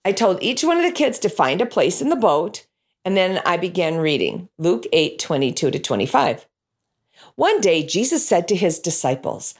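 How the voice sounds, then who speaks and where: Animated woman telling a story. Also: on the low side, normal speed. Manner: animated, acts out lines and sound effects in voices. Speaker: children's Bible class teacher. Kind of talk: storytelling to an audience.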